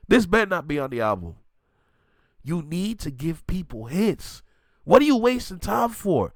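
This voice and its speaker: A man's voice: high voice, sing-song, moderate pace, no echo, studio quality. A man hosting a music reaction video, ranting emphatically and in disbelief as he gives his take.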